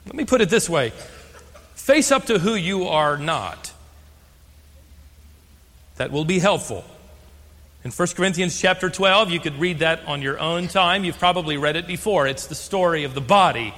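An older American man preaching a sermon as pastor, stressing key words and slowing for emphasis. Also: a little high, animated, a bit bright, big-room sound. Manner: emphatic, slows on key phrases.

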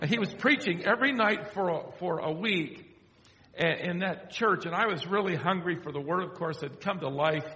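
Older male pastor delivering a storytelling sermon, voice a little high, long hall reverb. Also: pushed and bright. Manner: storytelling, slows down to quote scripture. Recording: echoey hall.

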